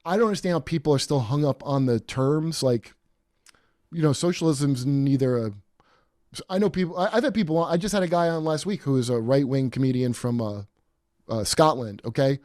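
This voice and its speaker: A man hosting a podcast in casual chat, rambling and animated with many fillers and restarts. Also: mid-range voice, a little fast, no room sound, clean studio sound. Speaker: podcast host.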